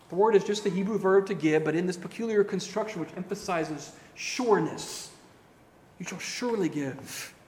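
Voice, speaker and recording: A man with a high voice delivers a careful, scholarly sermon in a church. He presses key words hard, then lets phrases fall away softly. His words linger in the long reverb of a large hall. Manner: scholarly, emphatic, with swells and drops in loudness. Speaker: preacher.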